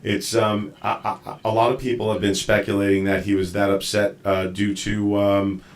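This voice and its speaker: A man hosting a live video-call show, talking in a casual, halting way with lots of fillers and restarts. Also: fairly low pitch, level tone. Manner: rambling, halting, with many fillers. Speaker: show host. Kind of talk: casual live-stream chat.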